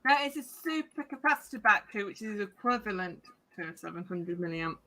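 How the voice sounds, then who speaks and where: A woman with a bright, crisp tone and a mid-range pitch, chatting casually. She is matter-of-fact and sets the facts straight. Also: lively intonation, a little fast. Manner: matter-of-fact, explains details. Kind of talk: casual chat.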